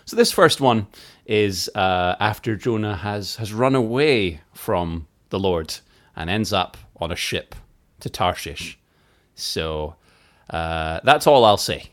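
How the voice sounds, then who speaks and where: A man's voice: on the low side, animated, takes it slowly, fairly bright tone. A man co-hosting a podcast in casual chat, introducing his own song with a hesitant manner. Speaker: podcast co-host and songwriter.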